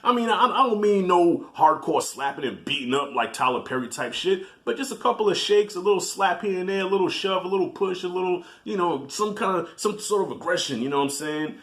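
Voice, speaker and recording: A man reviewing a film in a casual vlog, telling animated stories, swearing freely and addressing viewers directly. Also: high voice, a little fast, few pauses.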